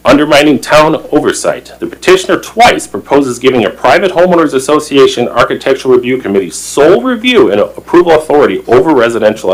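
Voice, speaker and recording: A man's voice: mid-range voice, poor audio. A man on a town plan commission reading a prepared statement at a public meeting, formal and emphatic, stumbling over words now and then.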